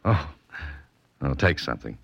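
A wry, self-assured detective in a 1940s radio drama, with a very low voice and a dry, wisecracking delivery. He gives orders coolly. The old broadcast sound is dull and lo-fi. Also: animated, a little slow, creaky, a bit bright, breathy edge, no echo, heavily acted. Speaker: private detective.

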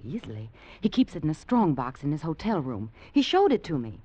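A woman's voice: deep voice, very animated, fairly quick, mellow, slightly rough, heavily acted. An actress playing a practical, scheming young woman from Virginia, talking in an urgent, persuasive way. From Virginia, United States. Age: young adult. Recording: dull lo-fi old film sound.

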